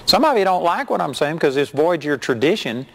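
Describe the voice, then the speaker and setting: A middle-aged man preaching a sermon as a television minister, reading scripture and telling stories with animated mimicry. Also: fairly quick, vocal fry. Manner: animated storytelling, mimics hyped preachers in a high voice.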